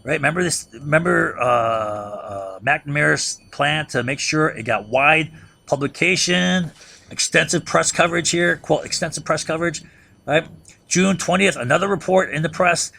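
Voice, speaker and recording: A man gives a history lecture with a gravelly, slightly husky voice. He talks conversationally, peppers his points with "right?", and restarts sentences as his thoughts catch up. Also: fairly high pitch, normal speed, bright, forceful tone. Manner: keeps checking in with rhetorical "right?"; restarts and repeats words as he thinks aloud. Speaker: history teacher.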